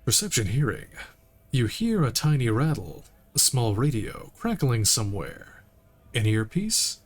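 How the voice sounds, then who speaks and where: Male streamer reading game text aloud, unhurried and easygoing, speaking into a streaming mic. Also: medium pitch. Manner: relaxed, reads lines aloud with occasional asides.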